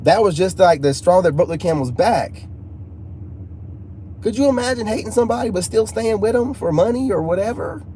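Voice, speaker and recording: Slangy man telling a story, soft hum behind. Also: high-pitched, expressive, normal speed. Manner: emphatic, repeats himself, casual slang. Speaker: channel host. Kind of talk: casual storytelling to viewers. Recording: faint background noise.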